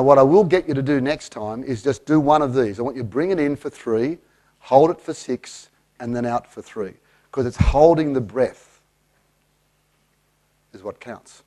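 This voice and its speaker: A man's voice: on the high side, moderate pace, long pauses. Man leading a breathing exercise on stage. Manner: lively, coaxing, counts out breaths. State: a bit out of breath. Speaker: keynote speaker. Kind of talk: live keynote talk, guiding a breathing exercise. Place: room with a live audience.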